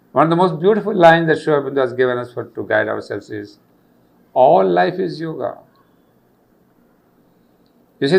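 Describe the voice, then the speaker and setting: An older man gives a reflective spiritual lecture. He speaks earnestly, coming back to key phrases for emphasis. His voice sits slightly high and has a gravelly edge. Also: a bit bright. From India. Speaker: lecturer on yoga philosophy.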